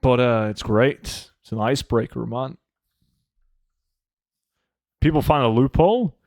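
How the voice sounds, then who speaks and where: A relaxed male streamer talks in a loose, joking way and swears freely as he answers his viewers. His voice sits at an ordinary middle pitch. The sound is close and dry, with no room around it. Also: unhurried, creaky, dry recording. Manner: swears a lot, joking and laid-back, reacts to chat. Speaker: live streamer. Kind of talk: casual live-stream chat. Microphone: desk microphone.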